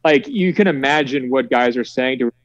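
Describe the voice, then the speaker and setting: A man's voice: mid-range voice, moderate pace, no echo. Man telling stories over muffled audio. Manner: relaxed storytelling with many fillers. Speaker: sportswriter guest. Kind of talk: conversational podcast interview.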